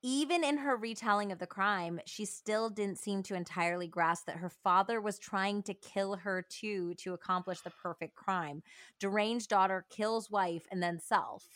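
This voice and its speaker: A woman's voice: mid-range voice, normal speed, few pauses, fairly bright tone, no echo, studio quality. A woman hosting a true crime podcast, earnestly telling the story and reading passages aloud from a book. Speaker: podcast host.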